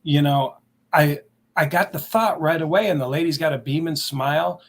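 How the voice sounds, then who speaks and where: A man's voice: a little high, normal speed. A man telling an emotional personal story on a talk show, earnestly acting out what he said back then. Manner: earnest, emotional retelling with acted-out quotes.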